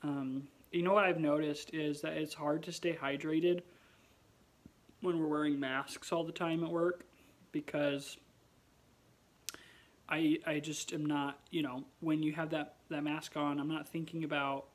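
This young man's voice sits on the high side and moves a little slowly as he chats through a late-night home vlog. He's tired and yawning, expressive and talkative, and he sighs a lot.

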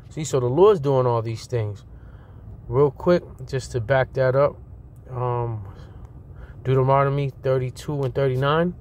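A man's voice: mid-range voice, measured pace, pauses often, a little mellow, a little hiss or hum. A man preaching an earnest sermon, reading scripture aloud and warning his listeners, often ending sentences with "man.". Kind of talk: fiery street-style sermon with scripture reading.

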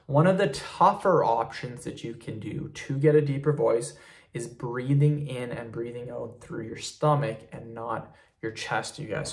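A man hosting his own vlog, giving casual tips in a relaxed, rambling way and often calling viewers "you guys". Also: medium pitch. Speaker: fitness YouTuber. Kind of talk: casual talking-head tips video.

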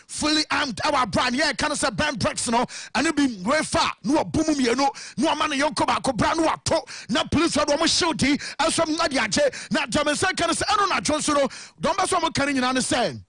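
A man with a Ghanaian accent presenting a radio sports news report in an animated, sing-song way, often raising his voice. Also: extremely high pitch, fast talker, dry recording, clean studio sound.

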